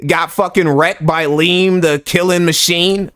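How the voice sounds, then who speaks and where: Man, livestream commentary, sarcastic and crude, rambling, slightly high voice. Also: fairly even intonation, measured pace, a bit bright. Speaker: streamer reacting to clips.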